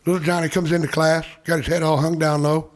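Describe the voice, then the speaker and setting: A man's voice: on the high side, level tone, fast talker. An older man with an American Midwestern accent, a guest telling folksy dirty jokes in a casual chat and acting out the characters. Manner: folksy storyteller, acts out characters in his jokes.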